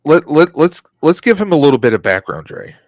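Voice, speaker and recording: A man's voice: on the high side, big pitch swings, brisk, no room sound. A man co-hosting a casual podcast chat, delivering rambling, opinionated rants. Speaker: podcast co-host.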